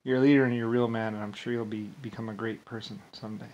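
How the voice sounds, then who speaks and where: A vlogger fires off an angry, agitated rant at rapid speed, swearing often, repeating points, and restarting sentences as he rambles. His lowish, darkish voice has little pitch movement, and the audio sounds dull.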